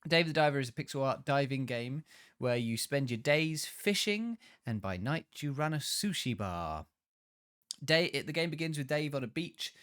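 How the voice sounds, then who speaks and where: Smooth-voiced man reading a review. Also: medium pitch, a bit bright. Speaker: podcast host and reviewer. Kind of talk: reading a scripted game review.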